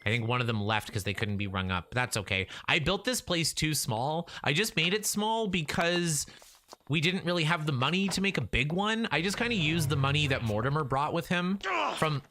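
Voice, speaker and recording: A man's voice: on the high side, animated, normal speed, bright, forceful tone. A man in his thirties giving casual gameplay commentary on a live stream, chatting to the game characters as he plays. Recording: noisy stream audio. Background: game sounds.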